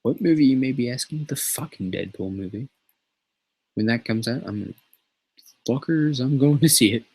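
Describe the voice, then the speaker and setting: A man's voice: medium pitch, normal speed, long pauses, darkish tone, breathy edge, low-quality recording. A man hosting a casual show, rambling and swearing freely as he chats. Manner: profane, rambling, laughs often. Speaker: show host.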